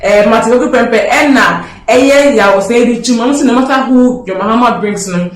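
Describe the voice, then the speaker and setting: A man calling in with halting comments on politics, full of fillers and mixing in local words. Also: very high-pitched, echoey room, low-quality recording. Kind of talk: casual call-in comment.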